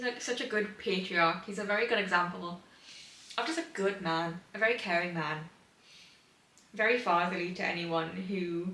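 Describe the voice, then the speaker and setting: A young woman chats about her reading in a casual vlog, gushing and excitable and full of fillers. Her voice is bright and forceful. She sits back from the mic in a roomy, echoey room. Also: medium pitch. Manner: chatty and gushing, many fillers, excitable outbursts. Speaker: book vlogger. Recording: roomy sound from a distant mic.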